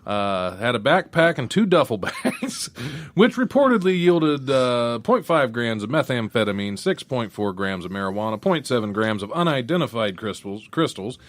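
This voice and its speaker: A male podcast host reads strange news items aloud, his pitch leaping up and down as he goes. He laughs often and drops wry asides between the facts. His voice sounds dry and close, with no room echo. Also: very animated, normal speed. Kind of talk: casual chat, reading news stories.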